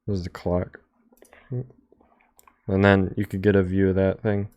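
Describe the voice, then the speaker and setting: A man's voice: low voice, completely flat delivery, unhurried, darkish tone, dry recording, lo-fi sound. A young man streamer rambling casually and jokingly, trailing off now and then. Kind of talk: casual chat over travel photos.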